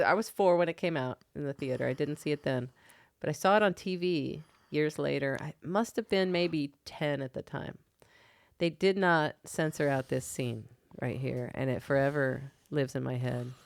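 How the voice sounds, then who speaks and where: A woman's voice: low-pitched, moderate pace, vocal fry, no room sound. A woman in her fifties co-hosting a casual chat, chatty and reminiscing, laughing often. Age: 50s. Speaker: podcast co-host.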